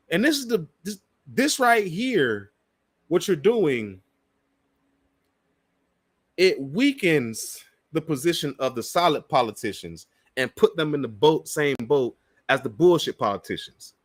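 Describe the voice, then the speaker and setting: A man's voice: on the high side, a bit bright, no room sound, studio quality. A man hosting a political reaction show, ranting with heavy profanity and scornful laughs. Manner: heated, swearing, laughing scornfully. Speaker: political commentary host.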